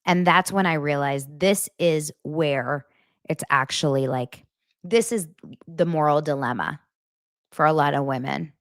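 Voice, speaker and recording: A woman hosting her own podcast, talking straight to her listeners in animated, casual commentary with lots of filler words. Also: sits low, unhurried, no room sound, studio quality. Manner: animated, talks directly to listeners, many "like" fillers. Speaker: podcast host.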